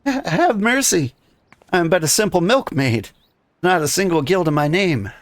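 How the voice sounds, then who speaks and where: A man's voice: sits high, lively intonation, normal speed, no room sound, pitched above the performer's own voice. A man voicing a young woman who claims to be a simple milkmaid, speaking primly and politely. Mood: pleading. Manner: prim, polite and old-fashioned. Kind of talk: reading game dialogue aloud.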